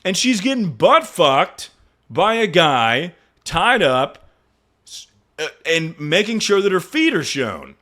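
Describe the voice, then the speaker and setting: A young male streamer telling a story to his chat in casual talk, swearing freely and sounding incredulous. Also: slow pace. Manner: animated, incredulous, swears freely, jumps to high pitch when mocking.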